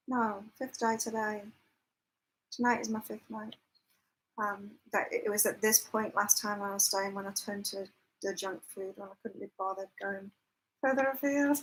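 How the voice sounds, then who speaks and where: Staying away from home in temporary lodging, a psychic livestream host chats casually with her viewers, reading their comments aloud and laughing often. She has a mid-range, fairly bright voice. The audio is poor, with a little hiss or hum.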